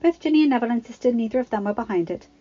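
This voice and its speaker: A woman reading a fan-written story aloud in a steady, plain storytelling manner. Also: a little high, very fast, soft background music. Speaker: fanfiction reader. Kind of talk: audiobook narration. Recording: slightly dull home recording.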